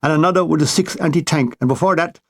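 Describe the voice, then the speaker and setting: A man voicing a small, thin, grinning army priest who speaks softly and hesitantly. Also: on the high side, fast talker. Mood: demurring.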